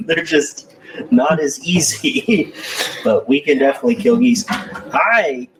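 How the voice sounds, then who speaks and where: Male co-host, distant mic, noisy, animated and laughing. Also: takes it slowly. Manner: laughing, excitable, lively pitch. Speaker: podcast co-host. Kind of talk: casual hunting chat. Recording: distant mic with clear background noise.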